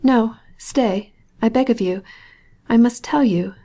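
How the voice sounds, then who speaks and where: An agitated young wife, recovering from illness, speaking in a hushed and halting way, as a woman narrator puts her on. Her words come out urgent and uneasy. The voice stays mellow and low-key.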